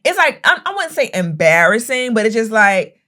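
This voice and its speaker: A young woman co-hosting a podcast in casual chat, telling a story with lively acted-out quotes. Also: a little high, normal speed. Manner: animated storytelling, acting out quotes with a raised voice. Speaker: podcast co-host.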